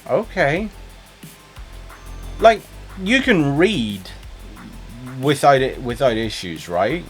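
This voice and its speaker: A man's voice: mid-range voice, slow pace, faint music behind. A man streaming a game, talking casually and jumping between topics with chat. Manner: animated, chatty, jumps between topics.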